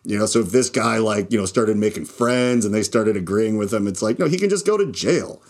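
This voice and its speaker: A man in a loose, rambling monologue, his pitch swinging up and down as he talks. He is a stand-up comic hosting his own show, who keeps restarting sentences and laughing at his own jokes. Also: lively intonation, brisk. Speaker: podcast host and stand-up comic.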